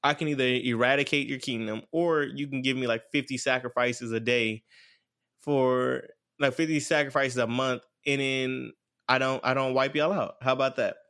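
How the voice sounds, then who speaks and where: A man voicing a male high ogre who demands sacrifices from a king, delivered in a casual, threatening way. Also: steady tone, moderate pace, fairly bright tone, natural voice.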